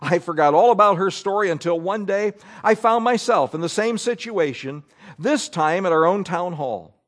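A man with a high voice delivers a sermon. He reads a long passage aloud with deliberate care and breaks off now and then to add quick asides to his listeners. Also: expressive, a bit bright. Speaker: preacher. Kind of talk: sermon, reading scripture and an article aloud.

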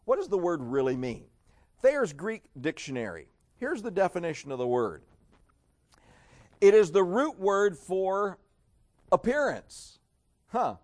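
A man preaching a sermon in an emphatic, sarcastic way, dropping to a hush and then rising again. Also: high voice, very animated, unhurried, pauses often. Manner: emphatic, sarcastic, swings between loud and hushed.

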